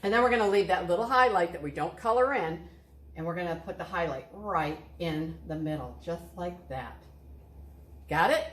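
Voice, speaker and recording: In an art studio, a woman art teacher with a lowish voice leads children through a cheerful, step-by-step drawing lesson at normal speed, encouraging them as she goes. The room sounds echoey.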